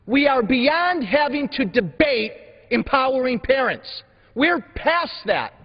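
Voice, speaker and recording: A man's voice: very high-pitched, big pitch swings, slow, husky. A man giving a combative floor speech as a congressman, firing off rhetorical questions. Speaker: congressman speaking in floor debate. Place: large legislative chamber. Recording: dull broadcast sound with long hall reverb.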